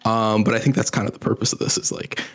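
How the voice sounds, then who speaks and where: A man co-hosting a casual gaming podcast, explaining his views in a measured, hedging way. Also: fairly low pitch, flat delivery, fairly bright tone, clear, resonant tone. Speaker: podcast co-host.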